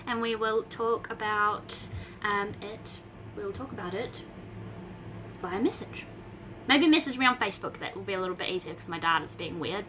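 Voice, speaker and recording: A young woman, hosting a casual live video from home, rambling and bursting into excited squeals. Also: fairly high pitch, normal speed, slight background noise, low-quality recording. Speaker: host of a Facebook group live video.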